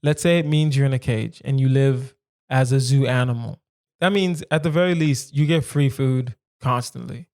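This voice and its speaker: A man's voice: medium pitch, moderate pace, darkish tone. A man hosting a solo comedy podcast, rambling playfully through silly questions he asks himself. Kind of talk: casual solo podcast musing.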